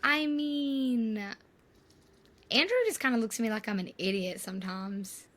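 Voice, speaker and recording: A woman's voice: on the high side, measured pace, fairly bright tone. Woman telling stories. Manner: storytelling, mimics others' voices. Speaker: podcast co-host. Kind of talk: casual chat. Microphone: video call.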